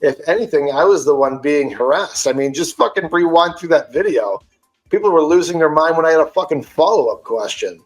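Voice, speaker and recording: A podcast host, a man, retelling an online argument in a casual, animated and profane way. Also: a little high, fairly quick, echoey room, faint music behind, rough recording. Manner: animated, profane, indignant storytelling.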